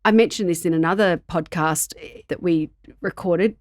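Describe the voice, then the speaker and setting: A woman's voice: fairly low pitch, moderate pace, no room sound. A woman co-hosting a podcast who talks in a reflective, conversational way. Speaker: podcast co-host. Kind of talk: casual podcast chat.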